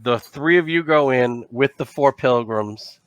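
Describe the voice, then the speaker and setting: A man's voice: mid-range voice, unhurried, clear, resonant tone, no room sound, dull audio. A man running a tabletop role-playing game, narrating loosely and correcting himself as he goes. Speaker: game master.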